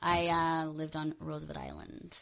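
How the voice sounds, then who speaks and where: Woman guest from Florida, bright and lowish, animated, acts out quotes. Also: normal speed, gravelly. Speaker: radio show guest. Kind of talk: casual chat.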